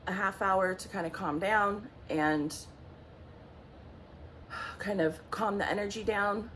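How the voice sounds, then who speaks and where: Slow, intense woman psychic medium. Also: mid-range voice, fairly bright tone, slight background noise. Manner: intense, halting, restarts often, angry bursts. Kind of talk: emotional spoken monologue. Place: home.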